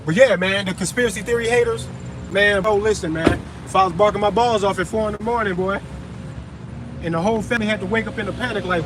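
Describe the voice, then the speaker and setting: Man, high voice, angry profane street-slang rant, outdoor livestream, light traffic hum. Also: fast talker. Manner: profane, heated ranting, conversational slang. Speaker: open carry vlogger. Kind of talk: ranting livestream monologue. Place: outdoors in a parking lot.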